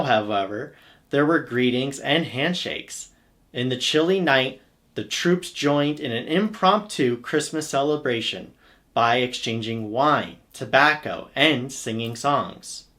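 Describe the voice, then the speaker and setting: A man's voice: medium pitch, fairly bright tone. Man narrating a wartime history story. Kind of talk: scripted documentary narration.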